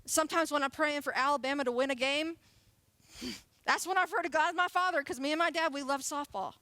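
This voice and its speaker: A youth pastor in her late twenties gives a sermon in a high, light voice. She keeps it casual and playful and laughs often. The sound is dry and close, with no room echo. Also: fairly quick, bright, forceful tone. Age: late 20s. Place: church sanctuary.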